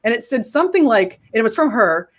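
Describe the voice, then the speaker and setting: A woman hosting a casual video chat, telling a story with animated quoted asides and frequent restarts. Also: on the high side, fast. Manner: animated storytelling, quoting others. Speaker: host.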